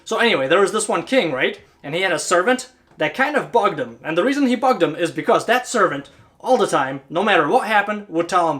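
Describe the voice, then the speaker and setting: A man's voice: high voice, expressive, fairly quick, a bit bright. A man talking casually to camera as a channel host, chatty and informal, often checking in with listeners. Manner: chatty, keeps asking "right?". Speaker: HVAC technician and channel host.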